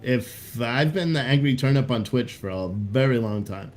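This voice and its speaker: A man's voice: medium pitch, moderate pace. A man hosting a casual livestream, rambling bluntly with profanity and restarts while reading out chat comments. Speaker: livestream host.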